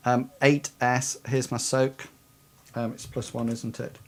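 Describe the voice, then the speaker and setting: A game master narrating a tabletop game, halting with lots of fillers and laughter. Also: medium pitch, little pitch movement, slight background noise.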